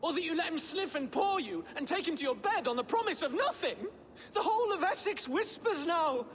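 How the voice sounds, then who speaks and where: A man's voice: extremely high pitch, animated, a little fast, a bit bright, long reverb tail, a little hiss or hum. A man voicing a bitter, scornful young brother in a video game, sneering and accusing.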